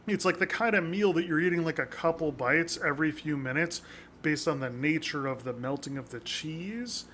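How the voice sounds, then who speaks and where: A man's voice: a little high, normal speed, fairly bright tone, a little hiss or hum. A man co-hosting a podcast, chatting casually and rambling, with some swearing. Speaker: podcast co-host. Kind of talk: casual chat.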